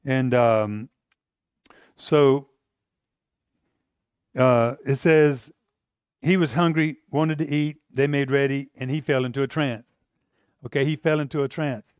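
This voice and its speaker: A pastor preaching a sermon in a loose, conversational way, often restarting and acting out the people in the story. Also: male voice, medium pitch, steady tone, takes it slowly, long pauses, smooth, no echo, clean studio sound.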